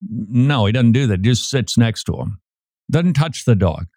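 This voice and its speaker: Male radio host, very animated, preachy talk, dry studio mic. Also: mid-range voice, normal speed, dry recording. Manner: lively, acts out quoted voices, repeats words.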